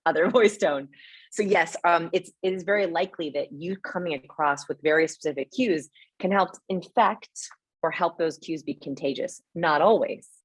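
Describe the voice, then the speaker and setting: A young adult woman answering webinar questions as a guest expert, animated and explanatory, often checking in with "right?". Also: deep voice, breathy edge, no echo. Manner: animated, explains with quick asides and rhetorical "right?". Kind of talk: live webinar Q&A.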